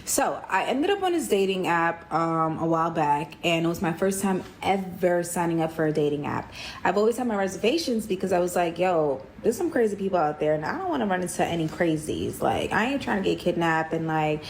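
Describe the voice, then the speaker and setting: A woman from New York telling a dating story in a chatty, animated way, acting out what each person said. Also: lowish voice, a little fast, slight background noise, rough recording. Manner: chatty, animated, acts out quoted dialogue. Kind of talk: casual storytelling.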